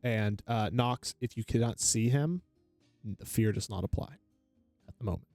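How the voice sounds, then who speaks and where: A man running a tabletop game as game master, talking haltingly with many fillers. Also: mid-range voice, darkish tone, no room sound, soft background music.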